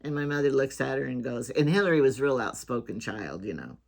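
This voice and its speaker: A woman's voice: rumbling low, animated, fast talker, vocal fry. An older woman hosting her own home talk show, chatting in a rambling way and often restarting her sentences. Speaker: vlogger host.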